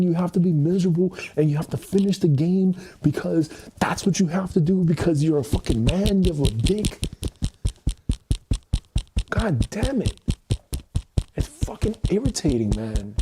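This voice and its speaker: A man's voice: high-pitched, fairly quick, hardly any pauses. Angry swearing young man on a stream. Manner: angry, heavy swearing, repeats himself. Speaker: livestreamer. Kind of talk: emotional livestream monologue. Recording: noisy stream audio.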